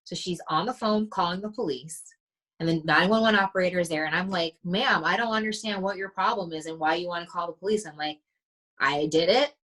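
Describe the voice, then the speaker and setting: Woman, lower pitch, mindset coach, podcast guest, animated storytelling, acts out quoted lines. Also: a little fast, low-quality recording. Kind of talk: casual podcast conversation.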